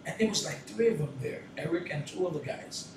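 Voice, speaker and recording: A man's voice: fairly high pitch, brisk, distant mic. A man telling a story in an interview, acting out lines and breaking into sung hooks. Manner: animated, acts out lines and sings hooks loudly. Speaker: guest recording artist. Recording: echoey room, voice from off-mic, noisy.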